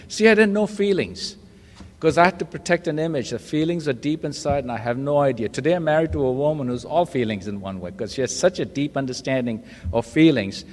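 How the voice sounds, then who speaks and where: A man with a medium-pitched voice, speaking at a normal speed, shares a funny personal testimony at a recovery meeting. He pokes fun at himself and acts out the voices of people in his stories. It's a live talk recorded in a reverberant hall.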